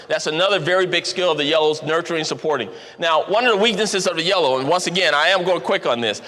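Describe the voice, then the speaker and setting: Male seminar speaker, high bright voice, energetic and jokey, big hall reverb. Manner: energetic, jokey, repeats for emphasis. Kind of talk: motivational seminar talk. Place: large event hall. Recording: long hall reverb from a live event.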